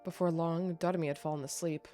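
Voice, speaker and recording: A woman streamer reading a game's narration aloud in a steady narrative manner. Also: low voice, quick pace, faint music behind. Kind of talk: reading game text aloud.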